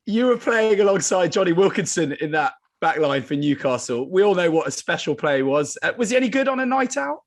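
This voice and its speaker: A podcast co-host in a casual interview, putting brisk, leading questions to his guest. His voice sits fairly high. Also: lively intonation.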